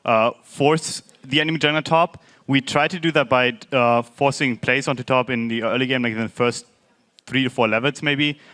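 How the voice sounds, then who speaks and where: A man's voice: medium pitch, fairly even intonation, moderate pace, bright, forceful tone. A man answering post-match interview questions as a pro gamer, explaining strategy in a methodical, hesitant way.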